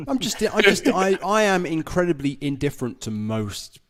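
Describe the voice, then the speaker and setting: A man co-hosting a casual political chat, measured and hedging in how he speaks. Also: a little high, big pitch swings, a bit bright.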